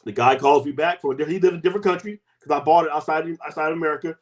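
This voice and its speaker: A man in his fifties, a guest giving a lively personal testimony and acting out the people in it. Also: on the high side, racing. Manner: animated storytelling, acts out quoted voices.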